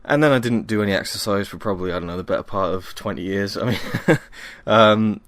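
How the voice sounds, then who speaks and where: A man's voice: fairly low pitch, fairly quick, fairly bright tone, no echo. A young man from Wales, hosting a casual solo podcast at home, rambling and self-deprecating with many ums, tired after a workout. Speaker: podcast host.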